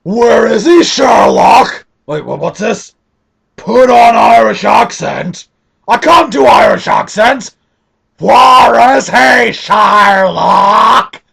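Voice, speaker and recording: A man playing a shrieking, gravelly arch-villain. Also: high-pitched, takes it slowly, exaggerated voice. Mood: ranting villain. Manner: shouty, melodramatic, breaks character to complain. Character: ranting villainous mastermind, adult male. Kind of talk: fan parody audio drama.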